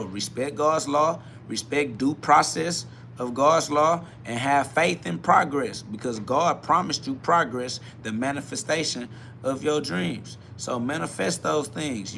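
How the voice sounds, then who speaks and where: Man w/ preaching on a livestream, goes quiet then loud, repeats himself a lot. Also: medium pitch, vocal fry, slight background noise. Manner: preachy, repetitive, swings between quiet musing and loud emphatic bursts with laughter. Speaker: podcast host. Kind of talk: live-streamed spiritual self-talk.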